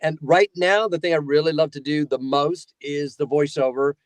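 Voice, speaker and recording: A voice-actor guest who tells stories in a loose, rambling, animated way, his voice sitting on the higher side for a man. The recording is close and dry, with no room sound. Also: moderate pace, no room sound. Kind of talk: casual chat.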